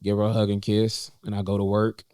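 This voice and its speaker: A man's voice: fairly low pitch, completely flat delivery, mellow, clear, resonant tone, dry recording, clean studio sound. A young man, a podcast co-host from North Carolina, telling a personal story in casual conversation with many fillers and restarts. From North Carolina, USA. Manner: halting, many fillers and restarts, voice lifts when quoting himself. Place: indoors in a cafe.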